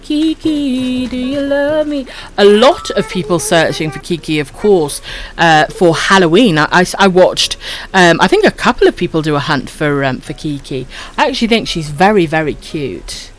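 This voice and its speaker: A woman from Wales with a husky voice and a dry throat, chatting casually to viewers while streaming a game and calling them her darlings. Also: sits low, lively intonation, moderate pace, faint music behind. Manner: affectionate, calls viewers my darlings.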